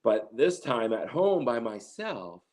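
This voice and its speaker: A middle-aged cannabis grower, guesting in an interview, tells a long personal story in a sing-song, medium-pitched voice with a darkish tone, speaking slowly. He rambles in casual storytelling, restarting often and quoting other people's voices. A bit of hiss or hum sits in the recording.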